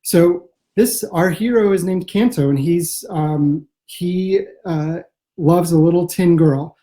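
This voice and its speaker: Man from the Midwest, comic writer guest, dark mellow tone, thoughtful, rambling, video call. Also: sits high, slow, rough recording. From American Midwest. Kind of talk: casual interview chat.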